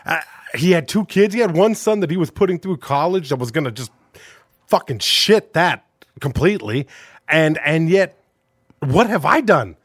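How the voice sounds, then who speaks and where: A man's voice: fairly high pitch, a bit bright, no echo, studio quality. A man in his forties, a stand-up comedian, telling rambling, profane stories in a casual podcast chat. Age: 40s.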